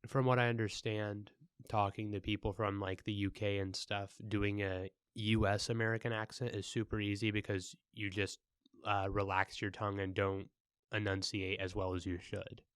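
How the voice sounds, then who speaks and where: Young male co-host, lowish voice, dry close mic, laid-back and jokey. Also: little pitch movement, moderate pace, fairly bright tone, smooth, dry recording. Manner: laid-back, joking, with crude asides. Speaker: podcast co-host. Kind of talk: casual chat.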